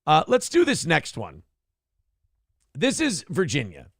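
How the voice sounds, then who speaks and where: A man's voice: fairly high pitch, wildly swooping pitch, measured pace, gravelly, husky, no room sound, studio quality. A man hosting a livestream talk show. He reads viewer comments aloud and rants with plenty of profanity. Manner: ranting and profane. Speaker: live show host.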